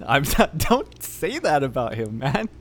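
A man co-hosting a podcast over an online voice call, riffing loosely, swearing and breaking into bursts of yelling. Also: mid-range voice, huge pitch swings, a little slow. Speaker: podcast co-host. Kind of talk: rowdy casual chat on a call.

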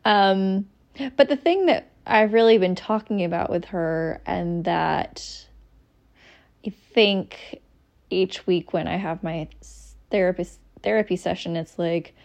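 A young adult woman hosts a casual solo podcast, rambling candidly with frequent ums and restarts. Her lowish voice is creaky and darkish, and she speaks slowly.

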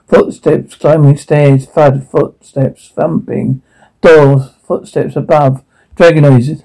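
A man reads out sound cues in a flat, matter-of-fact way. His voice is dark and husky, with a gravelly fry. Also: a little high, slow, rough recording. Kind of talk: reading audio descriptions.

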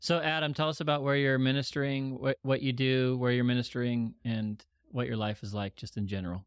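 A man's voice: medium pitch, level tone, fairly quick, clean tone, no room sound. A man hosting a casual podcast interview in an upbeat, joking way, speaking close to the microphone. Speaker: podcast host. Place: sitting on couches indoors. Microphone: microphone held close on mini tripod.

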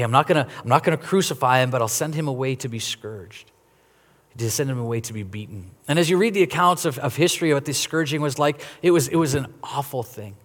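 A man's voice: medium pitch, long reverb tail. A man preaching a sermon as a pastor, earnest, often repeating words as he rises and falls in volume.

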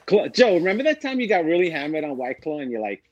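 A man's voice: on the high side, big pitch swings, quick pace, dull audio. A man co-hosting a casual sports podcast, teasing his friends and laughing often. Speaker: podcast co-host.

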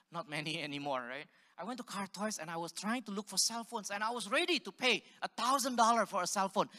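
A man's voice: high voice, sharp tone. A man from Singapore giving a sermon, telling stories animatedly and asking the audience questions. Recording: long hall reverb.

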